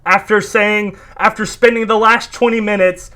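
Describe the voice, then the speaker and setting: A man's voice: sits high, fairly even intonation, normal speed, pushed and bright. A young man ranting in exasperation as he reacts to video clips, swearing often and repeating "dude". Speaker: commentary YouTuber reacting to clips. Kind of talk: reaction commentary.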